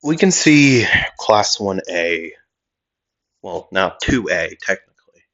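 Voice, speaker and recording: A man talks at a slow, unhurried pace in a low voice, wandering off topic and correcting himself as he narrates a fan story. The sound is dull and lo-fi, like a home recording. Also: big pitch swings, fairly bright tone. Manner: rambling, many fillers and self-corrections. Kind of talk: casual story reading and chat.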